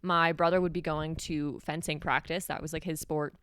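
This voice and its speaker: A woman's voice: low voice, little pitch movement, normal speed, a bit bright, clear, resonant tone, dry recording, studio quality. A young woman from New Mexico hosting a solo podcast, telling a personal story in a candid, conversational way with many "like"s. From New Mexico, USA. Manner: candid, conversational, heavy use of "like". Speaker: podcast host.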